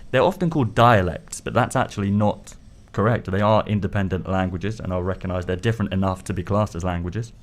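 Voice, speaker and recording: A man's voice: deep voice, a little fast, hardly any pauses. Upbeat man telling stories. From Italy, raised in London. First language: Neapolitan. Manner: chatty, upbeat storytelling. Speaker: guest. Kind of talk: casual radio chat.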